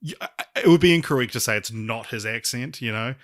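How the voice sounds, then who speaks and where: A man's voice: mid-range voice, fast, a bit bright, dry recording, clean studio sound. A man co-hosting a film podcast, speaking hesitantly with frequent restarts. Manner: hesitant, restarts a lot, laughs easily. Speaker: podcast co-host. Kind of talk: casual film-review chat.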